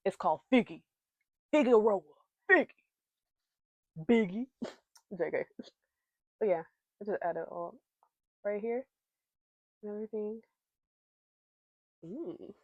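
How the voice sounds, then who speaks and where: A woman's voice: mid-range voice, slow pace, pauses often, a little mellow, no echo, dull audio. A young woman hosting her podcast, chatting casually and playfully to herself while doing her makeup. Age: young adult. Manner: playful, giggly, talks to herself. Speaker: podcast host.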